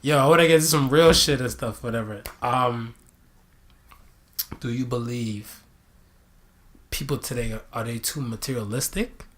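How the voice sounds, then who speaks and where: A man co-hosting a casual podcast, telling stories in an animated way and often laughing. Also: mid-range voice, normal speed, pauses often. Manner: animated storytelling, laughs a lot. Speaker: podcast co-host. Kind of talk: casual chat.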